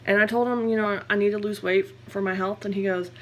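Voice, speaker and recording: A woman's voice: medium pitch, level tone, quick pace, few pauses, slight background noise. Candid rambling woman. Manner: candid and rambling, with self-corrections. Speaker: vlogger. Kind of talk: personal vlog confession.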